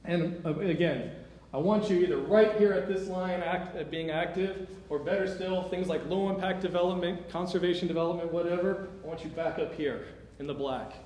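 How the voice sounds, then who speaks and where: A man's voice: high-pitched, moderate pace, a little mellow. Man giving a workshop talk. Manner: informal, self-interrupting, encouraging. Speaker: workshop speaker. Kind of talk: conference talk. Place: lecture room. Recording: echoey room with faint noise.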